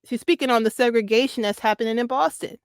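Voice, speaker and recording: A woman's voice: a little high, fast talker, clean tone, no echo, studio quality. A woman guest giving casual, emphatic commentary on a talk show. She repeats her points for stress and laughs easily. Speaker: podcast guest.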